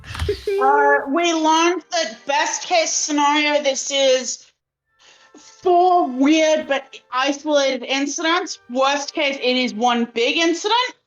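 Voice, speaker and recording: A woman player chatting casually and warmly. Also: high voice, takes it slowly, soft background music, low-quality recording. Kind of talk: casual chat between players.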